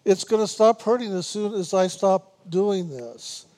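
A man with a high, mellow voice gives a spiritual meditation talk. He speaks slowly and repeats himself on purpose. He teases his listeners gently and laughs now and then. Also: animated. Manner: unhurried, repetitive, gently teasing with laughs. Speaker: spiritual teacher.

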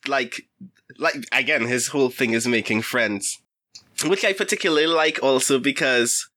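Brief: male player, bright forward tone, explains things thoughtfully. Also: medium pitch, moderate pace. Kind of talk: casual tabletop play.

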